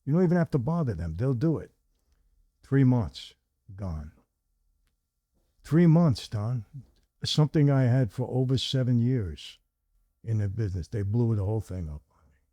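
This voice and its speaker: A man's voice: medium pitch, lively intonation, normal speed, pauses often, mellow, dry recording. An older man hosting a conversation, telling stories at length and acting out quoted dialogue. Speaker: host. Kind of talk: conversational storytelling.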